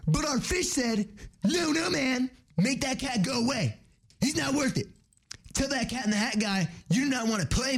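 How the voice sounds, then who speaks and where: Chill surfer dude, high drawl, as a man puts him on. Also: breathy edge, full character voice. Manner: drawling, says man and yeah. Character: laid-back young surfer dude.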